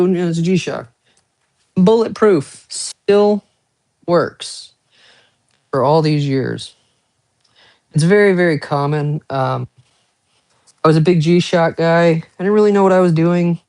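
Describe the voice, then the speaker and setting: A man's voice: on the high side, a little mellow. A man who collects watches, talking casually on a live stream in a rambling, profane, self-mocking way, with chatty asides to viewers.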